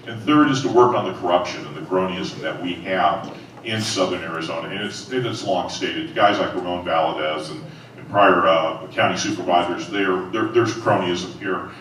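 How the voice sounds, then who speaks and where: A man's voice: deep voice, fairly bright tone, slight background noise. A man running for office, answering a forum question emphatically with punchy, repeated key words. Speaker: political candidate. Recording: echoey hall, voice from far off.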